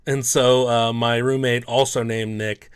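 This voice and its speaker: A man's voice: mid-range voice, little pitch movement, measured pace, clean tone. A sports card collector, a man, telling a personal story in a loose, rambling way, full of "um" and "you know".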